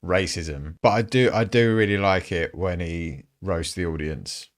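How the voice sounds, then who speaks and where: A man's voice: sits low, a little slow. A man hosting a casual commentary show, chatty and frank, swearing freely and laughing often. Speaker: podcast host.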